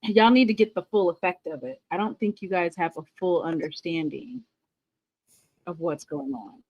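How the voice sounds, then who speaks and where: A woman's voice: on the low side, moderate pace, slightly rough, highs cut off. A woman hosting a casual sports talk show late at night, laughing hard, apologizing and teasing. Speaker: show host. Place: home studio, late at night.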